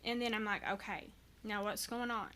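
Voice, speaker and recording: A woman's voice: mid-range voice, level tone, normal speed, pushed and bright. A woman in her thirties, a guest, talking candidly and earnestly about parenting, with many false starts and restarts. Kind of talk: candid personal conversation.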